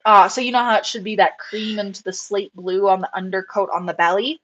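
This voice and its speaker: A young woman, a rabbit breeder hosting a live stream, talking in a casual, excitable, rambling way with lots of fillers. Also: medium pitch, brisk, highs cut off.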